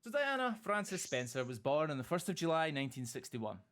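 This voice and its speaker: A man's voice: a little high, big pitch swings, fairly quick, a bit bright. A Scottish man hosting a casual group chat, joking, swearing and slipping into theatrical speeches. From Scotland. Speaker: podcast host.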